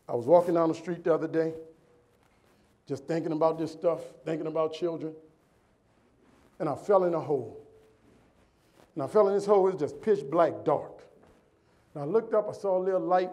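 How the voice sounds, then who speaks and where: A man's voice: on the high side, moderate pace, long pauses. A man, giving a rhythmic, preacherly motivational speech on a convention stage. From New Orleans, US. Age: 40s. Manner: preacherly, rhythmic lists, voice swings from loud to hushed. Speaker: keynote speaker.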